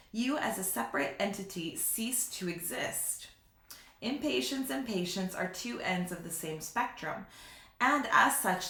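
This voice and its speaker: A woman giving a slow, reflective spiritual teaching in a vlog, sometimes laughing at herself. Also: medium pitch, a bit bright. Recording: roomy echo.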